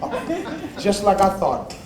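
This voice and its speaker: An actor playing an angry young man who scolds and taunts his abusive best friend, breaking into shouts. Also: high voice, a little slow, a crowd in the background. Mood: taunting. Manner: scolding, mocking, erupts into shouting. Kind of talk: independent film drama acting. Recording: roomy indoor echo with faint ambience.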